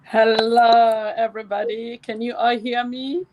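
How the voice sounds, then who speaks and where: A woman's voice: on the high side, flat delivery, a little slow, dull audio, crowd noise. A woman introducing herself formally but friendly as a guest on a video call panel. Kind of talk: self-introduction.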